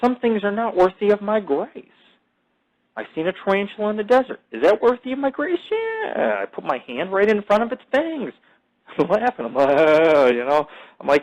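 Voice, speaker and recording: A man hosting his own show has a high, sing-song voice with a darkish tone, and the recording is low quality. His rambling monologue is peppered with swearing, digressions and self-aggrandizing stories. He often stops short, starts over and leans on the same fillers.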